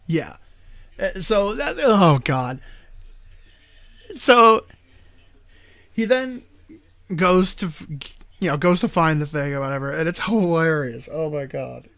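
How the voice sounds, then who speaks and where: A man with a high voice that leaps all over the place retells a movie plot as host of a live stream. He rambles, restarts and laughs often as he goes. The sound is dry and close. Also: animated, slow, vocal fry, pauses often, fairly bright tone, dry recording. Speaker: show host.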